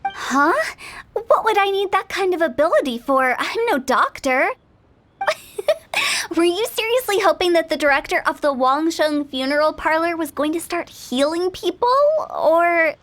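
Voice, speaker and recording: A woman's voice: extremely high pitch, expressive, normal speed, a bit bright. A woman voicing a playful, mischievous young funeral director with cheeky sales patter, over game music. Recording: game soundtrack playing under voice.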